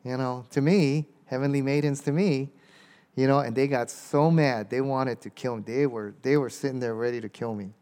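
Male speaker for a church talk, conversational, medium pitch, tags lines with "okay?", slows down to read verses. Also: fairly even intonation, a little mellow, smooth. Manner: conversational, keeps checking in with "okay?" and reads verses aloud slowly. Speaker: speaker teaching a church audience about Quran passages. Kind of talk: informal lecture with audience questions.

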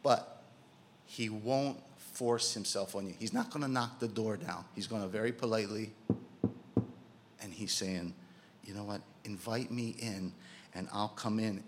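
A pastor with a lowish voice preaches a sermon conversationally, posing rhetorical questions and acting out quotes. There's slight background noise.

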